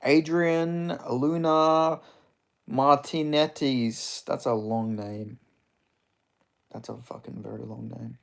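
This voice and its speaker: Gravelly excitable man. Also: mid-range voice, slow pace. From Australia. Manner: excitable, swearing, chatty reactions. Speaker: streamer. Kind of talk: live fight watch-along commentary.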